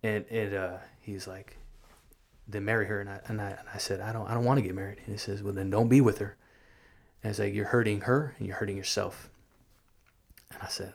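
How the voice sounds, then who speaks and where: A man telling a personal faith story in casual chat, earnest and halting, often repeating his words. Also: on the low side, fairly even intonation. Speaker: guest sharing testimony.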